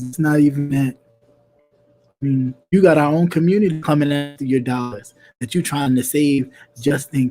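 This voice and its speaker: A man from New York hosting a casual chat stream, rambling with lots of fillers and frequent throat-clearing. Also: medium pitch, warm tone. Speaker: host.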